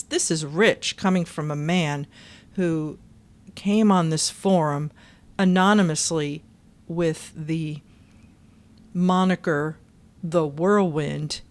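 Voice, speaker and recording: A woman with a lowish voice reads forum posts aloud. She breaks in often with pointed, indignant commentary and sometimes sings a snatch of a chorus. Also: a little mellow. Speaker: channel host reading forum posts.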